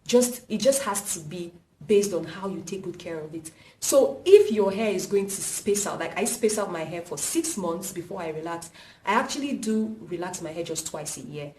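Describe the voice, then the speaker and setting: A woman's voice: lowish voice, a little mellow. A young woman with a Nigerian accent talks straight to camera in a casual vlog and drives her points home by repeating them. She sits back from the mic, and her voice rings around a bare, echoey room. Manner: emphatic, repeats points for stress. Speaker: vlogger. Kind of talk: casual hair-care vlog. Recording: roomy echo, mic at a distance.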